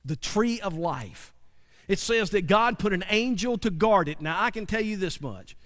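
A man's voice: sits high, expressive, moderate pace, a bit bright, big-room sound. A man preaching a sermon in a folksy, conversational way, often asking his listeners questions.

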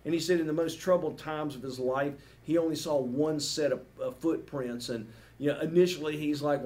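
A man's voice: fairly high pitch, fairly even intonation, normal speed, a little mellow. A man preaching a sermon as pastor, earnest and emphatic, asking the congregation repeated rhetorical questions and ending with a prayer.

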